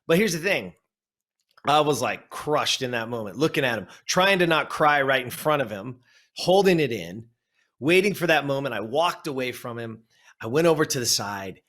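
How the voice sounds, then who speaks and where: A man in his fifties from Southern California, a life coach on an interview show, vividly telling a personal story. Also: mid-range voice. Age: 50s. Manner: animated storyteller who acts out his memories.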